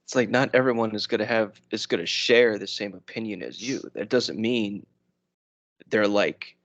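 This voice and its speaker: A man's voice: on the low side, moderate pace, fairly bright tone, no echo, highs cut off. A young man from New York co-hosting a podcast, chatting casually with rambling, self-correcting asides. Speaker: podcast co-host. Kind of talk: casual chat.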